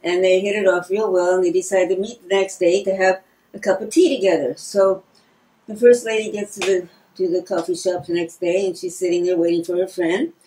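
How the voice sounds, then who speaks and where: An older woman telling bawdy jokes and reciting a comic rhyme about growing old, with a brisk delivery. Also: fairly low pitch, fairly even intonation, warm tone. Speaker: amateur comedian. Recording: echoey room.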